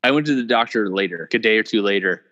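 A man's voice: fairly low pitch, fast talker, sharp tone, big-room sound, lo-fi sound. A young man casually telling a long story, rambling and swearing, often laughing at himself. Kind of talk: casual podcast chat.

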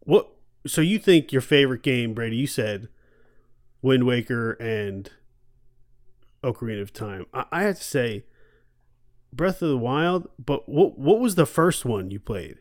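A man in casual podcast chat, loose and excitable, swearing often. His voice sits mid-range, recorded close with a dry sound and little room in it. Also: mid-range voice, measured pace, pauses often, no echo. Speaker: podcast host.

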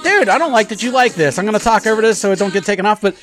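A man's voice: high voice, animated, racing, fairly bright tone, faint music behind. A podcast host, a man, teasing his guests crudely in casual banter.

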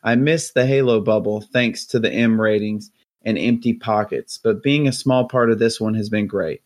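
A man's voice: lowish voice, moderate pace, natural voice. A man reading a listener's letter aloud in a put-on salty Boston Southie accent. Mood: chatty. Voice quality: exaggerated salty Southie drawl. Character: listener writing in, read aloud, adult man.

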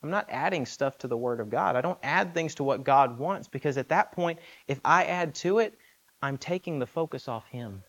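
A man's voice: on the high side, animated, moderate pace, fairly bright tone, highs cut off. A man preaching a sermon in an earnest, emphatic way, asking rhetorical questions.

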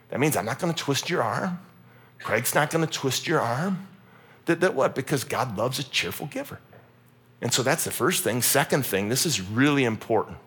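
A pastor in his forties preaching a humorous, animated sermon in a church. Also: medium pitch, normal speed, slightly rough. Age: 40s. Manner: animated, humorous, acts out quotes.

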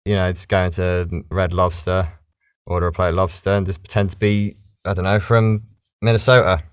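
A British man, a voice actor, chatting casually in an interview and explaining things in a lively, animated way. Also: sits low, moderate pace, clean tone, no echo, clean studio sound. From Britain. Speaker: voice actor guest.

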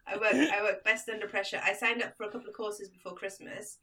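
Woman teacher, thirties, casual interview guest, bright lively storytelling, a little off-mic. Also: medium pitch, moderate pace, far from the mic. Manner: animated storytelling, acts out quotes. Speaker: podcast guest, primary school teacher. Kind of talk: casual chat.

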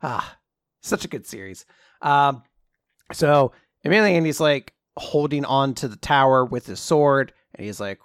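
A man in casual chat, animated and laughing often as he swears and acts out character lines. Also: medium pitch, normal speed, clear, resonant tone, no echo, clean studio sound. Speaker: podcast co-host. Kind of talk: casual chat recapping a comic.

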